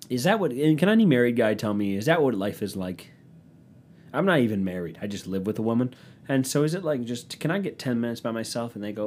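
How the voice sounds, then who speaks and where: A young man rambling through a sarcastic comedic monologue at home, swinging between loud bursts and low mutters. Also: sing-song, brisk, a little hiss or hum.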